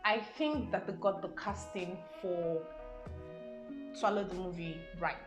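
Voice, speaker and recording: A young woman with a Nigerian English accent reviews a film in a casual, rambling way, dropping "um" and "I mean" asides. Her voice is lowish and unhurried, and the recording is roomy with music behind her.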